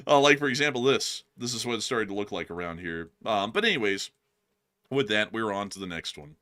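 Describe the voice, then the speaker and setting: Lively, bright-voiced male stream host. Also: on the low side, brisk, smooth. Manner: upbeat and chatty, lots of thanks to supporters. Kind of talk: casual live-stream chat.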